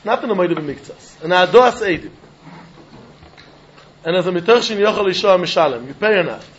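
A man teaching a Talmud class, animated and questioning, mixing in Yiddish and Hebrew terms. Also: sits high, brisk, highs cut off, slight background noise.

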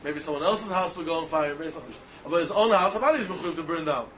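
Style Talmud teacher, male, bright sharp tone, sing-song and animated, faint ambient hum. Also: a little high, fairly quick. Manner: animated, mixes Hebrew, Aramaic and Yiddish terms into English, sing-song reasoning. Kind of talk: yeshiva-style Talmud lecture.

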